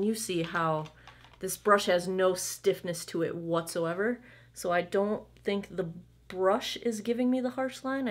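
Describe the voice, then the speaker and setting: Casting: woman, 30s, beauty vlogger, chatty and candid, mid-range voice. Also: medium pitch. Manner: chatty, candid, playful asides. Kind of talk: casual makeup try-on chat.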